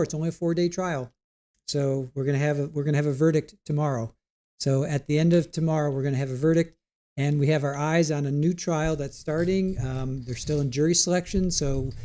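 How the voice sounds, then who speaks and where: A man's voice: a little high, warm tone. A man hosting a casual livestream about a court trial, rambling and reading viewer comments aloud.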